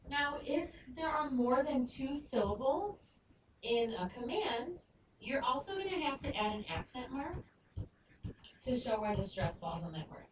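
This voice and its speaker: A woman teaching a Spanish lesson, explaining patiently and slowing down to sound out words. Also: high voice, sing-song. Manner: patient, clear, slows down to spell out Spanish words. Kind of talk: recorded lesson narration. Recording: echoey room, far mic, noisy.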